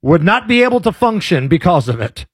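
A man's voice: sits high, brisk, breathy edge, dry recording, clean studio sound. A man co-hosting a talk radio show, trading wisecracks in casual banter. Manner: wisecracking, lively.

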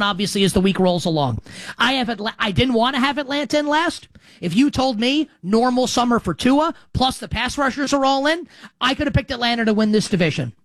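Brash sports radio host, dry studio sound. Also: male voice, very high voice, a bit bright, dry recording. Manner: brash, emphatic, jokey. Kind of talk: sports talk radio monologue.

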